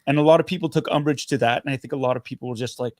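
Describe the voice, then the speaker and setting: A middle-aged man from Canada, a guest actor speaking in a casual interview, earnest and animated, often restarting his sentences. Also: medium pitch, rapid-fire, dry recording, clean studio sound.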